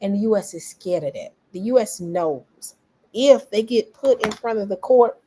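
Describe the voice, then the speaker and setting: A woman giving casual political commentary, animated and talking straight to her viewers. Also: medium pitch, normal speed, a little hiss or hum, low-quality recording. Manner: animated, talks back to viewers, quotes others in voices.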